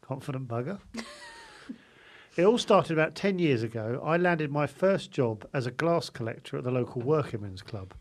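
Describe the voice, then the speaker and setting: A man's voice: mid-range voice, expressive. A man co-hosting a comedy podcast, teasing his co-hosts, swearing and reading out listener letters. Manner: teasing, swearing, quick to laugh. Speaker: podcast co-host.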